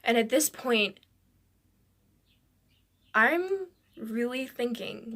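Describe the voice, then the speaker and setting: A woman's voice: a little high, fairly even intonation, measured pace, a bit bright. Woman telling a dramatic storytime. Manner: rambling, breathless retelling with many "I'm like" asides. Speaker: vlogger. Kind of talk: storytime vlog narration.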